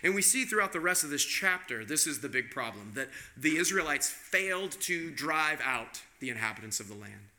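A man's voice: on the high side, animated, moderate pace, hardly any pauses, pushed and bright. A male pastor giving a conversational sermon, posing rhetorical questions to the congregation.

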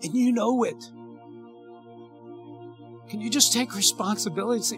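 A man's voice: high-pitched, moderate pace, pauses often, over music. A male pastor preaching a sermon and leading a prayer, earnest and pleading, often repeating his words.

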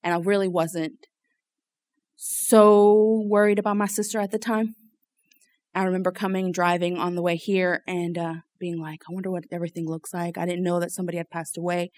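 A woman, sharing an earnest personal testimony with a church group, halting and full of fillers. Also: fairly low pitch, little pitch movement, a little mellow. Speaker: church speaker giving testimony.

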